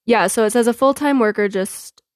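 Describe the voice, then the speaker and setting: Woman podcast host, fairly high voice, lively anecdote-telling, dry close mic. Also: moderate pace, dry recording. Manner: animated, laughing often, quotes herself and others. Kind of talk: casual storytelling monologue.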